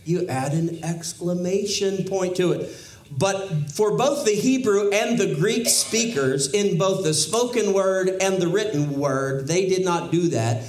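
A man gives a sermon in a plain, conversational teaching voice that sits a little higher than most men's. He drops in wry asides and lifts his voice to stress a point. The sound carries a noticeable room echo. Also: measured pace, a little mellow. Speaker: pastor. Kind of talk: expository sermon.

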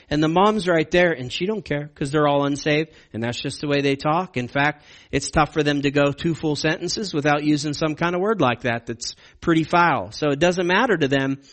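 Earnest male Bible teacher, higher voice. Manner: earnest and emphatic, slowing words for stress.

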